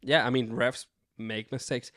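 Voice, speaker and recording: A man's voice: mid-range voice, steady tone, unhurried, fairly bright tone, no echo, studio quality. A man co-hosting a casual wrestling podcast, laid-back, swearing freely and laughing often. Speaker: podcast co-host.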